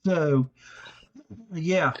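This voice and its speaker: Male podcast host, high voice, profane and animated, dull lo-fi sound. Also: drawn-out words. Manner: animated, swearing, laughing storyteller. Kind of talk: casual storytelling chat.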